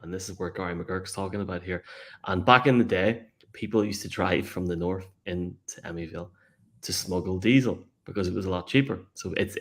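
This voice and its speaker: A man's voice: sits low, fairly bright tone. An Irish man co-hosting a live show, joking around and reading out listener messages. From Ireland. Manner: jokey, laughs easily. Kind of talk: casual live show chat.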